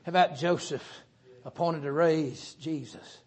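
High-voiced Southern preacher man, folksy. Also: measured pace. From Southern United States. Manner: folksy, joking, animated preaching. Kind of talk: sermon.

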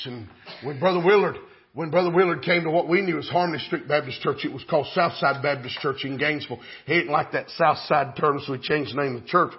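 Man, preacher, folksy storytelling drawl, fervent, high voice, muffled lo-fi recording. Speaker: pastor. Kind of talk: sermon storytelling.

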